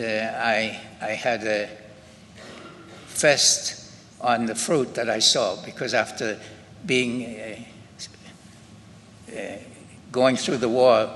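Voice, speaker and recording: An older man with a Scottish accent, giving slow, halting spoken testimony to an audience in a synagogue hall. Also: mid-range voice, fairly bright tone. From Scotland. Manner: slow, halting storytelling with many pauses and restarts. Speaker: Holocaust survivor giving testimony. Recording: reverberant hall with faint ambient noise.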